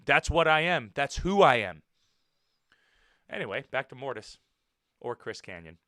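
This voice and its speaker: An American man hosting a casual wrestling podcast, talking in an animated, blunt way, swearing now and then and repeating himself for emphasis. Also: mid-range voice, measured pace, dry recording, clean studio sound. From United States. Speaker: podcast host and professional wrestler.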